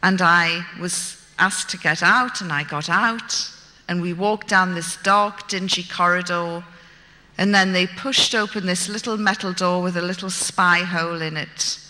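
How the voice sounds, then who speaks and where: Slow, very bright woman storyteller. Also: on the low side, fairly even intonation. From Britain. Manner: vivid, wry and self-mocking. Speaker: storyteller recounting her own experience. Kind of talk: dramatic personal storytelling. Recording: long hall reverb.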